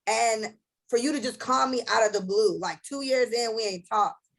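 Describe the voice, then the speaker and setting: Gravelly, husky young woman telling a story. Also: on the high side, moderate pace, rough recording. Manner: blunt, profane storytelling that acts out both sides of arguments. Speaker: podcast co-host. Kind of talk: casual podcast chat.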